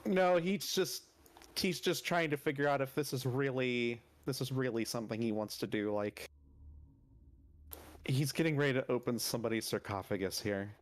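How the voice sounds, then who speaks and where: A man's voice: medium pitch, normal speed. A man playing in a casual tabletop session over a voice call. He talks in an easygoing way, explaining what his character is doing. He swears lightly when a roll goes badly. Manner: easygoing, laughs and swears at bad rolls. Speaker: player. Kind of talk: casual chat during a tabletop game. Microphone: desk mic on voice call.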